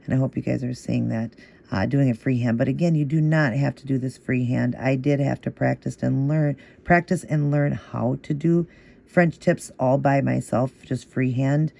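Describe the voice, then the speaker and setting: A man talks through a nail art tutorial in a casual, step-by-step way. His voice is gravelly and mellow, and he patiently repeats each move in a steady rhythm while encouraging the viewer. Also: mid-range voice, normal speed.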